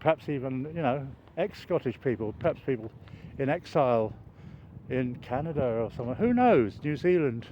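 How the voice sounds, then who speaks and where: Walking downhill along a road, an older vlogger films a construction site and narrates in a meandering, wry way, full of fillers and false starts. His mid-range voice is expressive and moves at a normal speed. Traffic noise runs through the dull outdoor camera sound.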